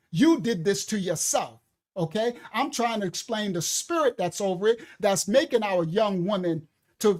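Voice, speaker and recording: Give me a stern man, preaching and scolding in a high voice. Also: a little mellow. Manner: stern and scolding, addresses a commenter directly. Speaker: minister. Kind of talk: livestreamed preaching.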